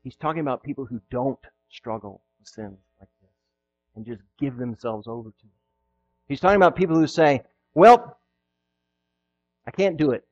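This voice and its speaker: A pastor preaching a sermon, acting out quoted voices and swinging between loud exclamations and hushed asides. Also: male voice, mid-range voice, moderate pace, highs cut off, soft background music.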